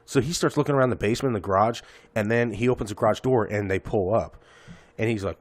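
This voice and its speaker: A man's voice: fairly low pitch, fairly quick, no echo. A man in his thirties, a podcast host telling a profane, rambling story in casual chat.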